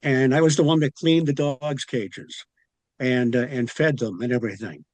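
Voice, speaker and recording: A man's voice: medium pitch, moderate pace, darkish tone, dry recording. A man in a casual chat, talking hesitantly with many fillers.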